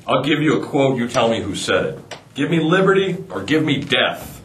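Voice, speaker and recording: A man's voice: medium pitch, sing-song, moderate pace, fairly bright tone, slight background noise. A man voicing a strict schoolteacher who scolds her class, in a roomy, distant recording. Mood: stern. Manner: stern, scolding. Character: strict female schoolteacher, quick to anger.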